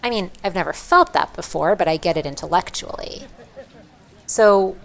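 A woman's voice: fairly low pitch, animated, moderate pace, vocal fry. A woman interviewing someone, curious and blunt in her questions. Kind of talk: conversational interview.

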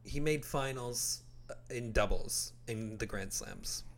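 Steady Canadian man recounting facts. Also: medium pitch, slow, creaky. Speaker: podcast co-host. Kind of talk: casual chat.

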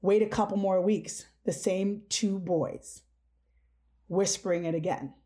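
A woman's voice: mid-range voice, steady tone, a little slow, dark tone. A middle-aged woman hosting a podcast, telling a childhood story candidly and acting out the quotes. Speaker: podcast host. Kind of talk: casual storytelling chat.

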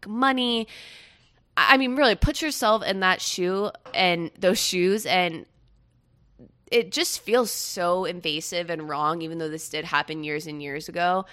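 Young woman, podcast host, bright tone, casual pop-culture chat, chatty. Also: fairly low pitch. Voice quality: bright, chatty, laughs often.

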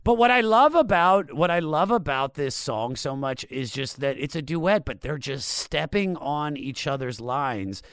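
A man's voice: fairly high pitch, lively intonation, measured pace, few pauses, fairly bright tone, clear, resonant tone, no room sound, clean studio sound. A man hosting a music podcast, chatty and enthusiastic as he introduces tracks. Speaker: podcast host. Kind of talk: casual podcast conversation.

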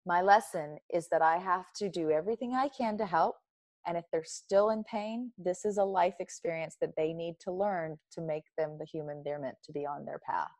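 A woman's voice: fairly low pitch, moderate pace, a little mellow, dry recording. A woman guest speaking earnestly and emotionally in an interview, often repeating words as she starts a thought. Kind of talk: heartfelt interview talk.

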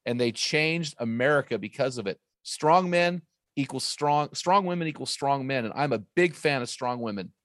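A man, an author and guest, teaching on faith and marriage in an emphatic, preacherly way with quick asides. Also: medium pitch, expressive, a bit bright, dry recording, studio quality.

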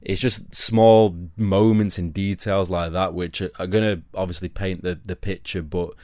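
A man's voice: low voice, steady tone, normal speed, a little mellow, no echo, clean studio sound. A man giving earnest football analysis on a podcast. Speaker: podcast co-host.

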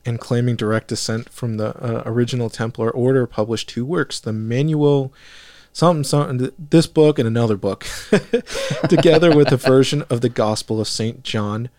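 Man, podcast host, halting read-aloud, fillers, dry close sound. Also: mid-range voice, a little mellow, no echo. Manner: reads haltingly, with fillers and skips. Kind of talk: casual podcast chat, reading aloud.

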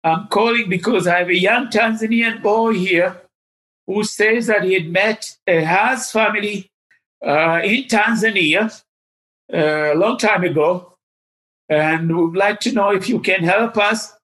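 A gracious, self-assured lady on a phone call, which a man acts out. She speaks politely, pausing on small fillers as she explains herself. The voice sits higher than his usual register. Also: fairly bright tone. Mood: courteous. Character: confident, charming woman making a phone call.

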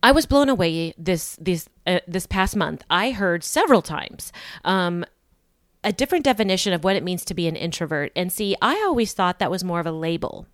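A woman's voice: fairly low pitch, animated, fairly quick, no room sound, clean studio sound. A woman hosting her solo podcast, talking candidly in an in-your-face, sarcastic way, rambling with lots of ums and restarts. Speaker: podcast host.

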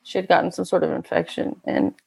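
A middle-aged woman telling a painful personal story as a guest, candid and emotional, often halting. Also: fairly low pitch, big pitch swings, creaky, a little mellow, slightly rough.

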